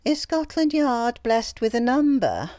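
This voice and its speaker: A shrill, petulant young secretary, put on by a woman reading a novel aloud, digging in her heels with a voice that leaps up high and swings wildly. The storybook voice is pitched well above the reader's own and sounds close and dry. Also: very animated, a little slow, warm tone, no echo. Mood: indignant. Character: timid young female secretary turned defiant. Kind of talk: audiobook character voice.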